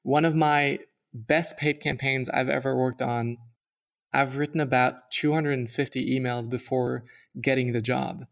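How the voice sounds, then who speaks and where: Gravelly-voiced man co-hosting a podcast. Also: mid-range voice, steady tone, unhurried. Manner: rambling, many "like" fillers and restarts. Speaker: podcast co-host. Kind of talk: casual chat.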